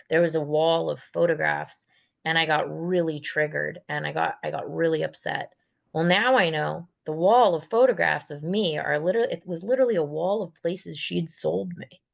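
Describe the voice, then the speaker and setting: A woman's voice: sits low, vocal fry, muffled recording. A woman giving a candid personal testimony in a raw, blunt and profane way, with bitter sarcasm. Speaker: guest sharing her survivor story.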